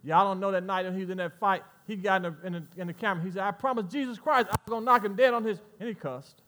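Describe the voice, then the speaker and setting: A man preaching a sermon as pastor, swinging between quiet asides and loud, rising exhortations. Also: high voice, fairly even intonation, quick pace. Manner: preaching with swells of volume and playful asides to the congregation.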